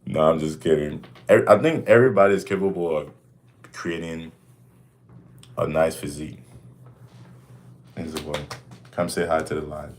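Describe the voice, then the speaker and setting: A man's voice: very deep voice, normal speed, pauses often, a little hiss or hum. A young man hosting a casual livestream Q and A from home, talking in a laid-back, rambling, slangy way with lots of "like" and "you know". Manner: slangy and blunt. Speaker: livestream host answering questions. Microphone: desk mic.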